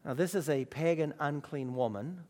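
A man's voice: a little high, normal speed, darkish tone. A man preaching a sermon with emphatic rhetorical questions. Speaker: pastor. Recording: long reverb of a large hall.

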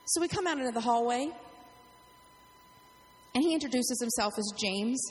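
Brief: middle-aged woman pastor, animated storytelling sermon, high voice, long hall reverb. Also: moderate pace.

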